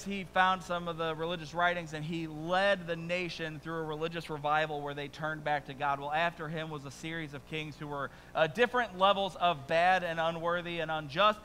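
A male pastor delivers a sermon in a church, talking to the congregation in a loose, conversational way that keeps climbing into emphatic peaks. His voice is bright and forceful and sits a bit high for a man. A faint hum runs under it. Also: rough recording. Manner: conversational, animated preaching with asides and rising emphasis. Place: church sanctuary before a congregation.

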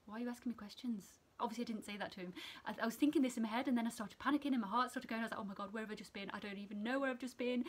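A young woman student nurse from England, telling a story to camera in a chatty, animated way that keeps going off on tangents. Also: a little high, racing, few pauses, breathy edge. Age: young adult. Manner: chatty, animated, sidetracks and laughs often.

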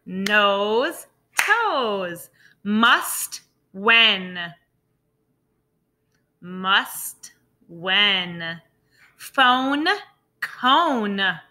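Slow, bright-voiced woman teacher. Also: mid-range voice, lively intonation. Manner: slow, drawn-out sounding out of words; encouraging, praising. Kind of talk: phonics lesson for young children.

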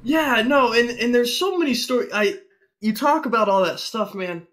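A man's voice: extremely high pitch, animated, moderate pace, a bit bright. A man, a podcast guest, reminiscing about gaming memories in a casual, nostalgic way. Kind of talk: casual chat.

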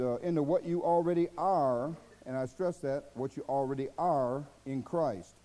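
A man's voice: on the high side, mellow, low-quality recording. A man with an American accent preaching a sermon as pastor, folksy and exhorting, asking rhetorical questions and mimicking his listeners' excuses.

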